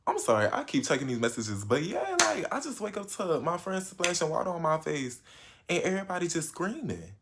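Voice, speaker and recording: A man in his late teens telling a casual storytime vlog, slangy and animated, with sudden jumps in pitch and loudness. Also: a little fast, noisy background. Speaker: vlogger.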